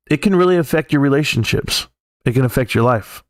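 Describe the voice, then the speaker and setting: A man's voice: medium pitch, expressive, moderate pace, dry recording, studio quality. Profane ranting Californian man. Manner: heated, profane, rambling rant with mocking quoted voices. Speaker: livestream host. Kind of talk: casual ranting livestream.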